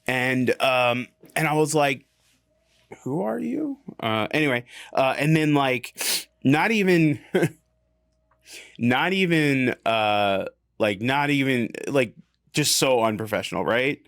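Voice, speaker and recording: A man of middling pitch tells a story in relaxed podcast chat, dropping fillers and curses as he goes. He slips into the voices of the people he quotes with animated energy. The sound is close and dry, with no room in it. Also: takes it slowly, clean tone, no echo. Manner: animated storyteller, acts out quoted lines, frequent fillers and swearing. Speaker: podcast co-host.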